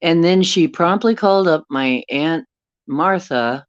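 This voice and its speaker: A woman's voice: deep voice, measured pace, dry recording, lo-fi sound. A middle-aged woman telling a rambling personal story to a live chat, stopping now and then to greet viewers. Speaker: paranormal livestream host.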